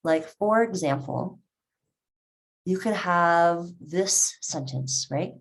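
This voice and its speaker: A woman's voice: fairly low pitch, slow pace. A woman teaching a live online English class, reading out learners' comments and encouraging them. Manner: encouraging, reads chat comments aloud.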